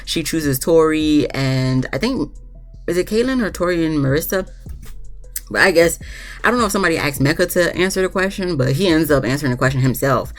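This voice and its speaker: A reviewer recaps a reality show in casual chat, ranting bluntly and animatedly with plenty of swearing, often acting out what others said. The voice is medium-pitched and a little fast, with soft music in the background.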